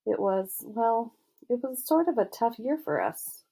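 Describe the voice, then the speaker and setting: A woman voicing a gentle, earnest teenage boy football star in an audiobook, speaking softly and with some hesitation. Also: fairly high pitch, big pitch swings, unhurried, slight background noise, voice pushed up. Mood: sincere. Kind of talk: audiobook character voice.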